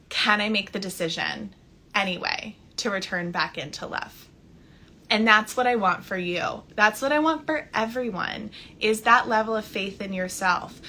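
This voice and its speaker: A woman in her thirties, a spiritual coach, talking casually on a live stream with warm enthusiasm and frequent laughter. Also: medium pitch. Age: 30s. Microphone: phone.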